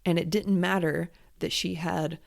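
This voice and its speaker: A woman's voice: lowish voice, steady tone, a little slow, creaky. A woman hosting a solo podcast, talking frankly and casually with lots of fillers and restarts. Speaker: podcast host and creative coach.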